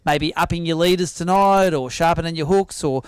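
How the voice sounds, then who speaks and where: An Australian man hosting a fishing weigh-in, bantering in an energetic, teasing way. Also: fairly high pitch, clear, resonant tone, no room sound. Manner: energetic, teasing, quick-talking. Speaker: weigh-in host. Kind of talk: live tournament emcee banter. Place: outdoor weigh-in stage at a sailing club.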